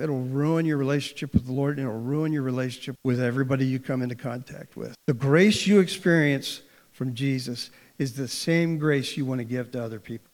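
A man delivers a sermon at a middle pitch, speaking earnestly and directly and putting rhetorical questions to the congregation. His voice rings out with a long reverb tail, as if he is in a church hall. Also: darkish tone. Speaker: pastor.

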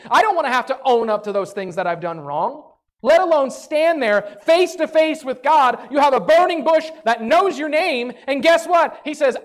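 A man preaching a sermon, telling the story with animated, acted asides. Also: very high-pitched.

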